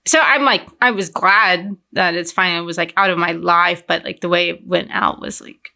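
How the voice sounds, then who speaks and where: A young woman from Fort Worth sits for a casual interview and retells her business stories with chatty energy. She leans on "like" as a filler and tells them in a lively way. Her tone is clear and bright. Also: on the low side, normal speed. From Fort Worth, Texas. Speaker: entrepreneur guest.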